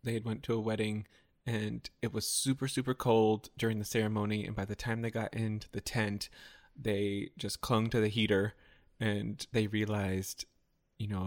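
A man co-hosting a podcast, telling stories in casual chat with playful, sassy banter. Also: on the low side. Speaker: podcast co-host.

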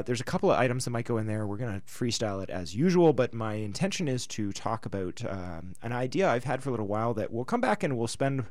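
A man's voice: medium pitch, darkish tone, no room sound. A man hosting a radio show, talking in a rambling, sarcastic way with many restarts. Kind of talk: casual radio talk. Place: radio studio.

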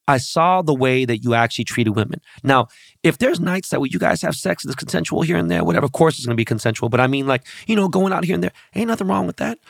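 A man's voice: medium pitch, gravelly, no room sound, studio quality. A man hosting a podcast in casual chat, brash and profane, telling stories with quoted voices. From born and raised locally. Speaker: podcast host.

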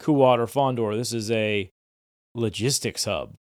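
A man's voice: lowish voice, a little slow, clear, resonant tone, no room sound, studio quality. A man co-hosting a podcast, narrating TV scenes in casual chat with filler words and quoted lines. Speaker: podcast co-host.

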